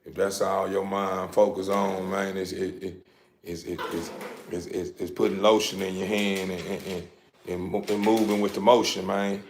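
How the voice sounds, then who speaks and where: A man's voice: sits low, little pitch movement, normal speed, roomy sound, a little hiss or hum. A man chatting casually on a livestream to his viewers, rambling and repeating himself, laughing often, speaking into a phone. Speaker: dog breeder livestreaming.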